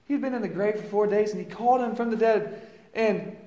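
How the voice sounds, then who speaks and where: A man preaching a dramatic first-person monologue, storytelling and swinging from hushed lows to loud exclamations, recorded in a church. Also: a little fast. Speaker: pastor. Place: church sanctuary. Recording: roomy echo.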